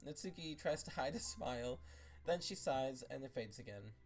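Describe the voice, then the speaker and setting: A woman's voice: a bass voice, lively intonation, moderate pace, darkish tone, soft background music. A woman reading a fan story aloud, narrating with casual asides and small restarts. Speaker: story reader.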